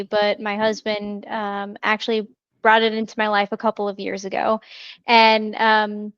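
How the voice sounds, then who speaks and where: A woman's voice: medium pitch, clean tone, no room sound. Enthusiastic woman interviewer, dull dry sound. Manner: enthusiastic, fan-like, many fillers. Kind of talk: casual interview questions.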